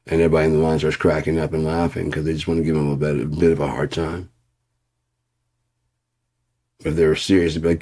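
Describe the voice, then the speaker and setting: Fifty-something man, low and gruff, rambling foul-mouthed vlog rant. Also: level tone, fast talker. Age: 50s. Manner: heavy swearing, rambling, mutters low then flares up loud. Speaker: vlogger. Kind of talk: casual profane rant.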